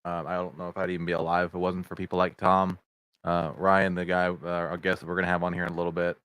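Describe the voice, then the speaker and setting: A man's voice: sits low, monotone, fast, fairly bright tone, clean tone, no echo. A middle-aged man hosting a casual livestream podcast over video chat, rambling with many fillers and greeting viewers in the chat. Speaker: podcast host. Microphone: video chat setup.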